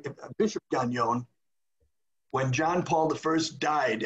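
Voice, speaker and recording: An older man, a retired priest, telling a story in a video call, acting out the voices of the people he quotes. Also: mid-range voice. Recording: dull lo-fi video call audio.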